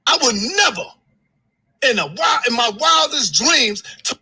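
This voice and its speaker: A very high, bright, husky man's voice that rises and falls sharply. He rants angrily on his own livestream, shouting and cursing with heat. The voice stays forceful and strained throughout. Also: sing-song, measured pace, poor audio. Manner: heated, shouting, cursing, swinging pitch. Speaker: live streamer. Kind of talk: angry livestream rant.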